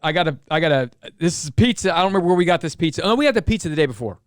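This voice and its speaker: Slightly high voiced guy rambling a story, swears, clean dry sound. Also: lively intonation, very fast, smooth, no echo. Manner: rambling, swears, reads timestamps aloud. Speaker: podcast host. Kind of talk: casual podcast chat.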